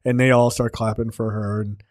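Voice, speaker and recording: A man's voice: fairly low pitch, a little fast, no room sound, studio quality. A man hosting a film review podcast, retelling scenes casually with lots of swearing. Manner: profane, animated scene-by-scene retelling. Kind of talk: casual chat.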